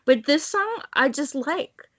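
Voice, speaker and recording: Female podcast co-host, animated and irreverent, higher voice, dry recording. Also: slow pace, dry recording. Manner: animated, swears, laughs a lot. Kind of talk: casual chat.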